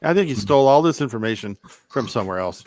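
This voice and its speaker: A man's voice: mid-range voice, animated, fast, darkish tone, dry recording. A man co-hosting a podcast, joking around with stammering restarts. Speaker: podcast co-host. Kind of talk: casual chat.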